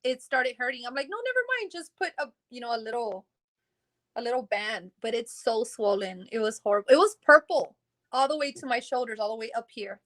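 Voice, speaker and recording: A woman's voice: a little high, a little fast, fairly bright tone. A woman telling her story in a casual interview, rambling and acting out what people said, with laughs in between. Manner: rambling, acts out quoted dialogue, laughs in between.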